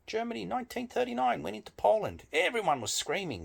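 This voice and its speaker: A man's voice: on the high side, big pitch swings, brisk, gravelly, hardly any pauses, fairly bright tone, slightly rough. A man delivering a blunt, emphatic opinion monologue with frequent swearing. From Australia. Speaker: political commentator.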